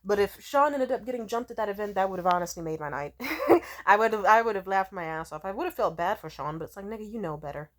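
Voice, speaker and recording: A woman's voice: medium pitch, expressive, fast. A young adult woman vlogger in a casual monologue, rambling and profane as she tells stories with animation.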